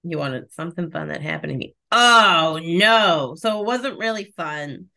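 Creaky and fairly low in pitch, a woman speaks unhurriedly as a podcast co-host. The talk is casual, full of lively storytelling, and she laughs often.

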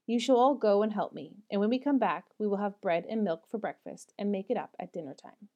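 A woman reading aloud voices a gentle, persuasive middle-aged mother speaking to her daughters. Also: mid-range voice, animated, brisk, close to an everyday voice. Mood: tender.

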